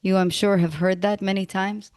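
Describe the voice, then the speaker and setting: A woman's voice: mid-range voice, fairly even intonation, moderate pace, clear, resonant tone, no room sound, clean studio sound. A woman hosting a coaching podcast, reflecting at length and affirming her guest. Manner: warm affirmations, reflective, quotes philosophers. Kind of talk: interview conversation.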